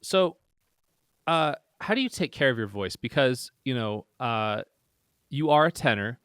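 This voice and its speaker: A man's voice: mid-range voice, expressive, measured pace, a bit bright, smooth, dry recording, studio quality. A man hosting a podcast, eagerly asking questions and stacking up follow-ups. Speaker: podcast host. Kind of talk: interview questions.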